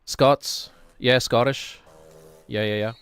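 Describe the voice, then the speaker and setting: A man's voice: mid-range voice, steady tone, slow, a bit bright, clean tone, no echo. A middle-aged man from New Zealand with a New Zealand accent, chatting casually as a streamer while gaming, rambling and correcting himself as he goes. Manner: rambling, self-correcting, chuckling.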